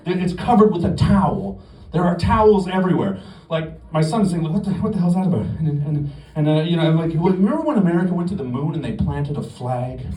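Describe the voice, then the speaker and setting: Animated middle-aged man, live club stand-up. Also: on the high side, brisk. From Canada. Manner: animated storytelling, swearing, acting out bravado. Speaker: stand-up comedian. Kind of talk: stand-up comedy set. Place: comedy club stage. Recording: roomy live club audio from the stage mic at a distance. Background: audience laughter.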